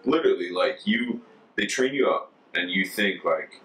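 Deep-voiced American man telling stories. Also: moderate pace, slight background noise. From United States. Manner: relaxed, chatty, full of "like". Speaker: former Peace Corps volunteer. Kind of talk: casual interview storytelling. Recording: distant mic with faint ambience.

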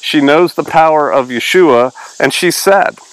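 Male pastor, slightly high voice, chatty verse-by-verse Bible teaching. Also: measured pace, no room sound, rough recording. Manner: conversational, reads verses aloud then explains them.

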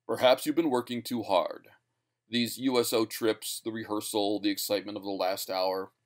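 A stern male scientist with a curt, acid way of speaking, put on by a man. He lectures in a slightly lower, clipped voice. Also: normal speed, close to an everyday voice.

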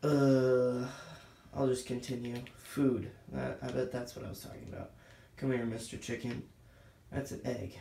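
A man rambling scattered gameplay commentary as a channel host, self-deprecating and thinking out loud, a bit winded. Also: medium pitch, level tone, normal speed, creaky, echoey room, slight background noise.

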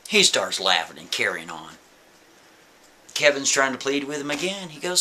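A man telling a story in a lively, emphatic, casual way, talking straight to the listener. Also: mid-range voice, normal speed, pauses often, slight background noise.

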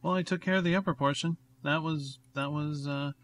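A man's voice: on the high side, fairly even intonation, a little fast, a bit bright. A man casually commenting on his gameplay, thinking aloud in a rambling, self-mocking way. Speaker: let's play host. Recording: noisy recording with clicks.

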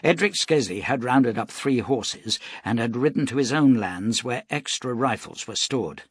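A man narrating an audiobook in a steady, measured storytelling voice. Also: medium pitch, slightly rough, dry recording, studio quality.

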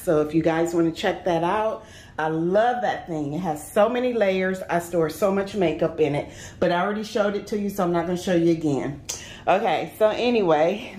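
A woman's voice: mid-range voice, a little mellow. A young adult woman vlogging casually as she walks through her apartment, chatting enthusiastically and straight to her viewers. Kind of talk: casual apartment tour vlog. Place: indoors in an apartment, walking room to room.

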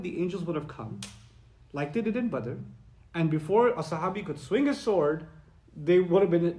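A male preacher with a fairly high voice delivers a sermon, lively and conversational, slipping into Arabic recitation. His voice rings out in an echoey room. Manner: animated and conversational, acting out quoted voices; recites Arabic verses and sources. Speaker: Islamic preacher. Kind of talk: lecture-style sermon.

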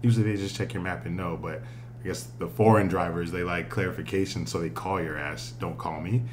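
A man co-hosting a podcast, telling a travel story with lively, casual swearing. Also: low voice, fairly quick, slight background noise. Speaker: podcast co-host. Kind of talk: casual chat.

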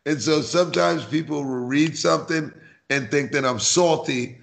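A man from New York City, a podcast guest, talking in an animated, barky way and acting out quoted lines. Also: fairly high pitch, moderate pace, creaky, slight background noise. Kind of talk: casual podcast conversation.

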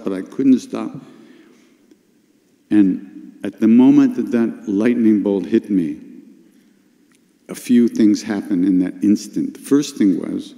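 An older man telling a personal spiritual story at a retreat workshop, unhurried and confessional, with sudden animated bursts. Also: on the low side. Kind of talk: storytelling talk. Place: retreat hall with an audience. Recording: long hall reverb.

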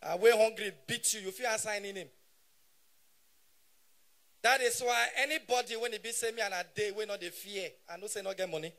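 A man in his thirties with a Nigerian Pidgin English accent, doing live stand-up comedy on stage and shouting punchlines in bursts. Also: high voice, fairly quick, pauses often. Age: 30s.

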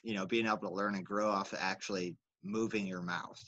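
A man's voice: deep voice, steady tone, brisk, sharp tone, muffled recording. A man casually telling a rambling, profane story on a podcast. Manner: laid-back, profane, rambling. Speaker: podcast co-host.

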